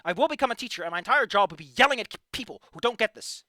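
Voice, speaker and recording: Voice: medium pitch, animated, rapid-fire, bright, forceful tone, no echo, studio quality. A fanfiction critic reading a story aloud and breaking off into exasperated, profane rants, sighing between points. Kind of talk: ranting commentary on a reading.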